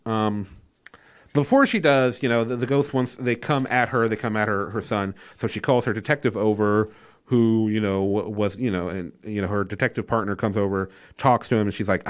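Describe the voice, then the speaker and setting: A man giving a casual spoken movie review, incredulous and exasperated, rambling with fillers and restarts and swearing freely. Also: on the low side.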